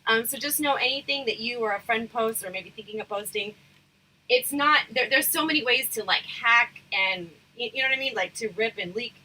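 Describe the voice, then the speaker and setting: Chatty woman streamer with a bright, husky voice. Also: a little high, a little fast, low-quality recording. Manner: rambling, frank, full of fillers. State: losing her voice, throat irritated. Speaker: livestream host. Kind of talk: casual livestream chat.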